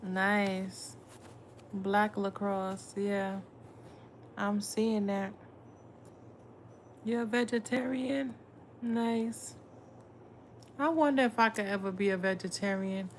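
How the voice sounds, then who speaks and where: Slow-talking blunt woman tarot reader. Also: mid-range voice, steady tone, a little hiss or hum. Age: adult with a son. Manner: blunt, profane and chatty, greets viewers. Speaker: tarot reader hosting a livestream. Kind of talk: casual livestream chat.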